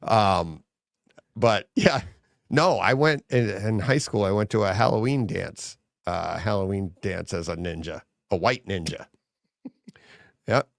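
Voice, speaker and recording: A man's voice: on the low side, animated, a little slow, gravelly, dry recording, studio quality. A middle-aged man hosting a livestream, telling stories in casual chat, laughing often and acting out quotes. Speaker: livestream host.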